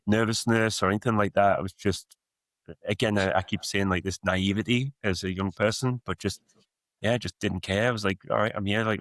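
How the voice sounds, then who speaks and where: A man in his thirties with a softened Geordie accent, reflecting on his coaching path in a casual podcast interview, rambling with many fillers. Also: low-pitched, no echo. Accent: Geordie, softened by years in the US. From Newcastle, England. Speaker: guest, football coach.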